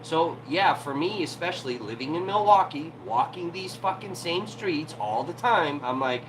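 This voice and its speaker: Irritated guy cussing up a storm on a livestream from his house, voice a bit high. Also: animated, normal speed, hardly any pauses, noisy background. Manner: profane, irritated, heated. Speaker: livestream host. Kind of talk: ranting livestream commentary. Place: home.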